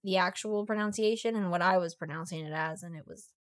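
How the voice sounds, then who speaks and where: Female co-host, mid-pitched, quick and chatty, dry recording. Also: dry recording. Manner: chatty, quick, lots of "like" and "yeah". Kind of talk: casual book discussion.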